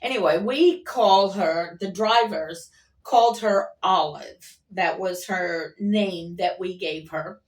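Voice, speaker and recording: A woman's voice: fairly low pitch, slow, far from the mic. A woman vlogger telling a rambling casual story, with fillers along the way. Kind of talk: casual chat.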